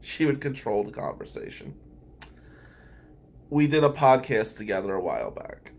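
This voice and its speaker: A fairly low male voice with wild pitch swoops, a moderate pace, vocal fry, and a slightly mellow quality. He's a criminal defense lawyer and podcast host from Atlantic City, New Jersey, telling anecdotes in a casual, rambling way and chuckling between remarks.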